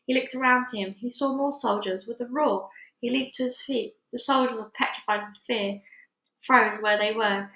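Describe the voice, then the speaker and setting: A woman reading a children's book aloud with lively, dramatic storytelling. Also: fairly high pitch, normal speed. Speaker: storybook reader. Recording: roomy echo.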